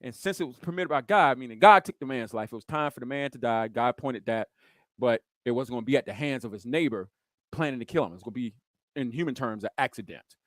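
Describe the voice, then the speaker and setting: A pastor, preaching a sermon in an animated way and acting out the scenes he describes. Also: mid-range voice, fast, dry recording, clean studio sound. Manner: animated, acts out scenes and sounds.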